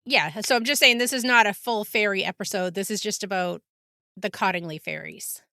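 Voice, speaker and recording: Bright chatty woman podcast host. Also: mid-range voice, dry recording, studio quality. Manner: chatty, laughs often, quick asides. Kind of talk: casual podcast chat and storytelling.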